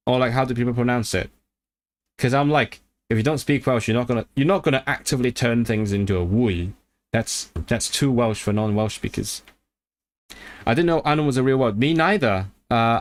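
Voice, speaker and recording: In a dry recording, a man of medium pitch chats casually on a livestream about learning languages, thinking aloud, restarting a lot, and showing quick bursts of excitement.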